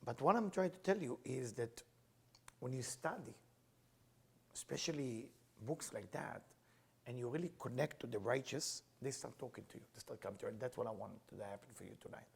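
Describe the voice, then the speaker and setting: Husky-voiced man teaching Kabbalah. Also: mid-range voice, expressive, brisk. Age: middle-aged. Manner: earnest, storytelling, plain non-native phrasing. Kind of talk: teaching with personal storytelling.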